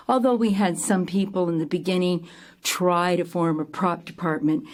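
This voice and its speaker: An older woman telling a personal story to an audience, lively and animated, acting out scenes with sudden jumps in pitch and loudness. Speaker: theater company founder telling her story.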